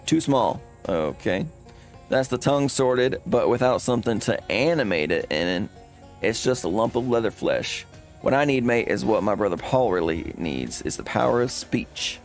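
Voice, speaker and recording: A man's voice: medium pitch, animated, normal speed, lightly acted. A man voicing an odd, scheming male leather hunter with a British accent, drawling folksy lines and calling people mate over faint game music.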